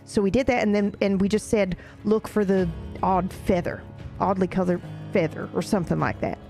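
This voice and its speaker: A woman's voice: mid-range voice, fairly even intonation, moderate pace, gravelly, dark tone, soft background music. A woman recapping events in character during a roleplay session, rambling and swearing casually as she tells the story.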